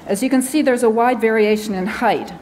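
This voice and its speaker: American woman presenter, hurried and filler-heavy, lecture-hall reverb. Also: a little high, darkish tone, a little hiss or hum. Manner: hurried, talking fast with many fillers and restarts. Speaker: conference speaker. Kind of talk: conference talk. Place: large conference hall.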